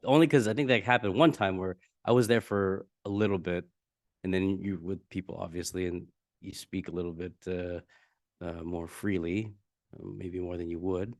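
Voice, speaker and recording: Low-voiced man in relaxed podcast banter. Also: normal speed, no room sound, studio quality. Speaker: podcast co-host. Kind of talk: casual comedy podcast chat.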